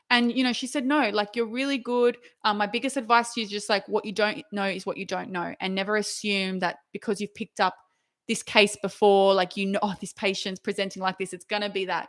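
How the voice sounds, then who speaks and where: A young woman doctor talks through her working days in a casual, chatty way. She keeps things lively, slipping quickly into acted-out snippets of conversation. Her voice sits at an ordinary middle pitch. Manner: chatty and animated, acts out dialogue with quick asides. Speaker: doctor giving a talk. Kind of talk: casual storytelling webinar talk.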